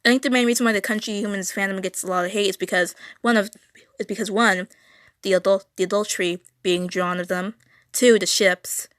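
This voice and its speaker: Teen girl streamer, mid-pitched, rambling and stuttering, dry close sound. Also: fairly even intonation, fairly quick, a bit bright, dry recording. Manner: rambling, stuttering, self-correcting. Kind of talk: casual drawing livestream chat. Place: home room.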